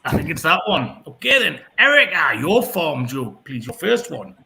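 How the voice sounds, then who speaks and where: Lively high-voiced British man hosting. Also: vocal fry. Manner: playful, laughing, drawn-out words. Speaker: comedy show host. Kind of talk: lively pun contest hosting.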